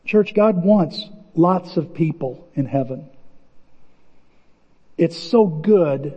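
A man preaching with a high, lively voice that jumps around as he tells a story. The voice is husky, and the sermon is heard through dull, lo-fi audio with a long reverb from a church sanctuary. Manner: animated, storytelling, shouting bursts of excitement. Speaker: pastor.

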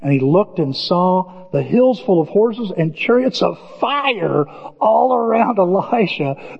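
A middle-aged male pastor with a high voice preaches a relaxed, conversational sermon. He tells stories in a folksy way and jumps into animated voices for the quotes. The sound is dull and lo-fi, with the long echo of a big hall. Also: moderate pace, vocal fry, slightly rough.

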